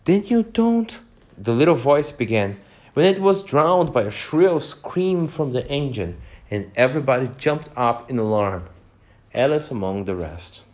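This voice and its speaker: A man reading a storybook aloud to children, pausing now and then to explain words. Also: mid-range voice. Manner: animated, unhurried, pauses to explain words.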